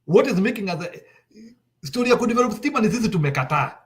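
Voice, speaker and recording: A man's voice: high voice, big pitch swings, fast. A man with a Kenyan accent making heated political commentary, slipping into Swahili and hammering his points home through repetition. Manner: insistent, repeats points, switches into Swahili.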